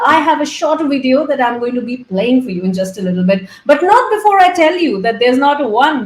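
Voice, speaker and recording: Upbeat lady host, fairly high voice, gushy and playful, roomy echo around her. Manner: chatty, effusive, playful. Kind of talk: talk show interview.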